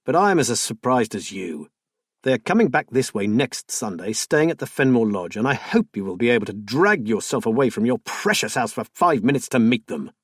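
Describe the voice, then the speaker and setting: A strained, defensive husband, read by a male narrator whose husky voice swings in pitch. He speaks in the narrator's own voice. The sound is dry and close to the mic. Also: sing-song, moderate pace, no echo. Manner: pleading, then tense and exasperated.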